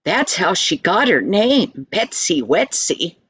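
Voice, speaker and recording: Very slow, gentle grandmother storyteller. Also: lowish voice, sing-song, husky, no echo. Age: older. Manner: gentle, slow, sing-song, addresses the listener. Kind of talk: storytelling for children.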